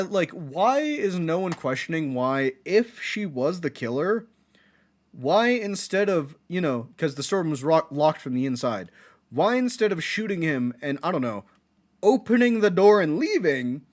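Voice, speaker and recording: A young man talks casually over his gameplay, loose and rambling, dropping curses and fillers as he reasons aloud. His voice sits fairly high and jumps around a lot as he goes. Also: animated, a little slow. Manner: loose, swearing, wandering questions with fillers. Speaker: let's play commentator.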